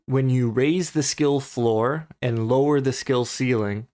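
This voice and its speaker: A young man talks casually on his own podcast at an ordinary middle pitch. His voice is smooth and clear. He muses and second-guesses himself as he works through his thoughts. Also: slow pace, darkish tone. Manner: thoughtful, musing, self-questioning. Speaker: podcast host. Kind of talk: casual solo commentary.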